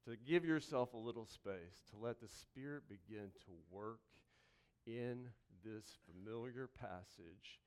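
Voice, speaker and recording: Smooth-voiced male pastor, lively then hushed. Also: mid-range voice. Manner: swings from lively, joking asides to slow, hushed reflection; repeats key phrases slowly for emphasis. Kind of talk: conversational sermon.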